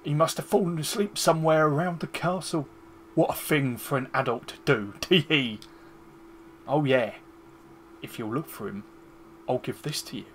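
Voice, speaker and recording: A man's voice: on the high side, moderate pace, long pauses, fairly bright tone, a little hiss or hum, natural voice. A man voicing a cheerful young farm girl from a game, with a put-on Cockney accent. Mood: chirpy.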